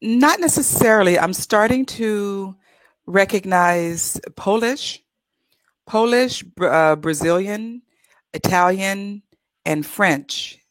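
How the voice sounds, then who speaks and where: A woman's voice: mid-range voice, expressive, slow pace, no room sound, low-quality recording. A woman from California with a Californian American accent, an English tutor chatting upbeat and easily in an interview. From California, USA. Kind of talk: casual interview.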